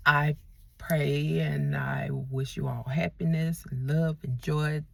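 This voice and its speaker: Gravelly, emphatic woman ranting to camera. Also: sits low, fairly even intonation, slow pace, a bit bright. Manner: emphatic, repeats words and restarts often. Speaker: vlogger. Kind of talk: ranting video monologue.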